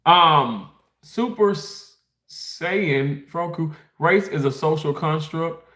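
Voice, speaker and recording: His voice is a little high, pushed and bright, delivered at a slow pace in a roomy-sounding space. The speaker is a Mississippi man on a livestream who eats, rambles, laughs frequently and reads chat comments out loud.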